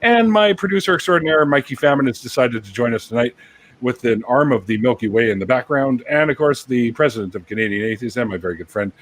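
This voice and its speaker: Male stream host, animated pitch swings, chatty, laughing, home call mic. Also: quick pace. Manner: laughs often, animated, repeats words. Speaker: livestream host. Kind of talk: casual group chat.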